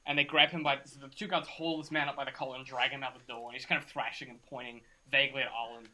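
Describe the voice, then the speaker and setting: A male game master narrating a tabletop session in a loose, rambling way, full of fillers. He talks quickly with a bright, forward tone. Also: mid-range voice, little pitch movement, poor audio.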